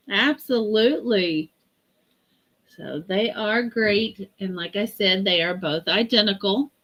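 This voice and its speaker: A woman hosting a live vintage sale stream, chatty and unhurried as she reads out item sizes and prices. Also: mid-range voice. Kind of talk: live-stream sales pitch.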